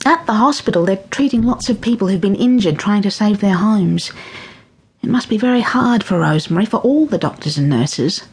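A woman voicing a calm, kind elderly grandmother in an audiobook, speaking softly and gently, almost in a whisper. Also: mid-range voice, moderate pace, breathy edge. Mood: gentle. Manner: soft, gentle, half-whispered.

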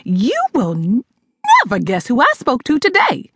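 A woman narrator voicing an excited, chatty middle-aged mother in an audiobook, gushing with news. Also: sits high, measured pace, husky, no room sound, studio quality, voice pushed up, heavily acted. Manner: gushing, eager, talks over her daughter. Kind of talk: audiobook character voice.

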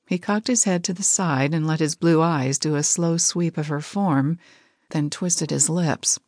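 Low-voiced woman narrating a romance. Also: expressive, measured pace, a little mellow, no room sound, studio quality. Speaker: audiobook narrator.

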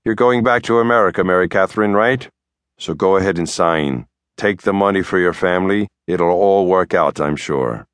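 A man voicing a brisk, smooth-talking female lawyer, cool and increasingly impatient. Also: low-pitched, no room sound, close to an everyday voice. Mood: curt. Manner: smooth, curt, grows impatient. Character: brisk, slippery woman lawyer, middle-aged.

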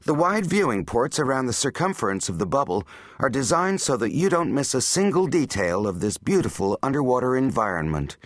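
Bright rehearsed tour guide woman, voiced by a man, audiobook, upbeat. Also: mid-range voice, sing-song, fairly quick, no echo, clean studio sound, pitched above the performer's own voice. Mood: cheerful.

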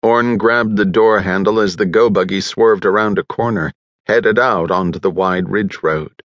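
A man narrating an audiobook in an even, measured storytelling manner on a close studio mic. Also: fairly low pitch, no echo. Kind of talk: scripted narration.

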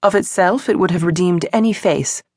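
A woman narrating a mystery novel for an audiobook, with a lowish voice and a measured, even delivery. She is close to the mic, and the studio sound is dry. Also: no room sound. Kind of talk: scripted narration.

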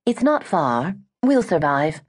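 A woman's voice: on the low side, sing-song, takes it slowly, exaggerated voice. A woman voicing a sheltered, earnest young British woman in an audiobook.

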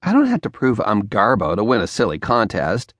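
A male narrator voicing a playful, sharp-tongued young woman in an audiobook, with quick, teasing comebacks. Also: on the low side, wildly swooping pitch, no echo, clean studio sound, exaggerated voice. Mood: insistent.

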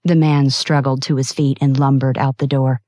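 A woman narrating a novel as an audiobook, reading in a steady, expressive way. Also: very deep voice, moderate pace, dry recording, clean studio sound. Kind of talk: scripted narration.

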